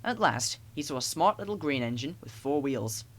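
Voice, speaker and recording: A man narrating children's stories as an audiobook, in an expressive storytelling way. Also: on the high side, moderate pace.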